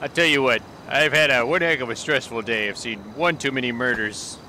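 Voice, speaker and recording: A man's voice: mid-range voice, fairly quick, pushed and bright, a little hiss or hum, low-quality recording. A man voicing a folksy, easily flustered male gas station clerk in a game role-play. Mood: shaken, queasy.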